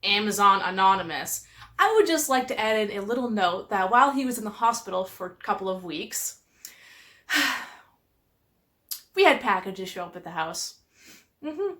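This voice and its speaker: A woman's voice: mid-range voice, expressive, a little slow, long pauses, bright, forceful tone. A woman telling stories casually to camera, chatty and exasperated, with lots of "like". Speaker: vlogger.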